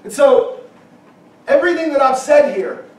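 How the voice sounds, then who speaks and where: A middle-aged man preaching a sermon, emphatic, at times shouting and acting out quoted objections. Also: very high voice, animated, normal speed. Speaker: pastor. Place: church hall. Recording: very echoey hall from far off.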